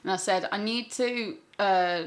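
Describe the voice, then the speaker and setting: A woman's voice: medium pitch, unhurried. A woman from the Black Country with a Black Country accent, co-hosting a casual chat, laughing often and swearing casually. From England, Black Country. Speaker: podcast co-host.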